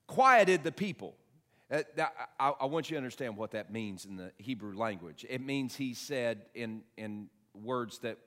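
A man preaching a sermon, moving between quiet asides and loud, emphatic passages, and reading scripture aloud slowly with heavy stress. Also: fairly low pitch. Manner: reads scripture aloud with slow, stressed delivery. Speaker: pastor.

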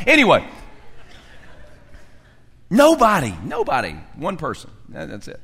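A man preaching a sermon as pastor, acting out characters and swinging from loud to hushed. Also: a little high, big pitch swings, a little fast, big-room sound.

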